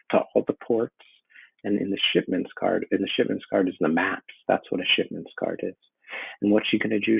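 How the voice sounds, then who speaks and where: A man's voice: fairly low pitch, gravelly, slightly rough, no room sound. A man teaching a play, reading quoted lines aloud and then explaining them in casual everyday words. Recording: tinny phone-like sound.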